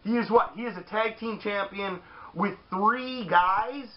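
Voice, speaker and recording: A man reviewing a wrestling show in casual, profane banter, loud and animated, sometimes shouting. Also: high voice, measured pace. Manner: loud, animated, swears often, shouts in mock voices. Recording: dull lo-fi sound.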